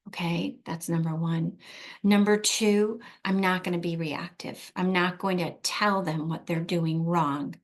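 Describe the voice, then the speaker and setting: Middle-aged woman, lower register, earnest and emphatic advice-giver who slows down for stress. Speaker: therapist. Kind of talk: direct-to-camera advice talk.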